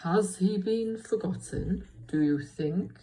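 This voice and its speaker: Teacher putting on a deep, slow old bear toy, wise, storybook read-aloud. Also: female voice, warm tone, rough recording. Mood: grand.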